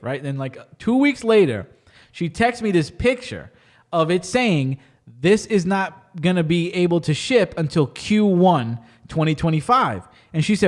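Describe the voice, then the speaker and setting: Guy hosting a podcast, high voice that jumps all over, laughs a lot telling stories. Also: moderate pace. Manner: animated, acts out quotes, laughs often. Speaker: podcast host. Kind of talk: casual storytelling chat.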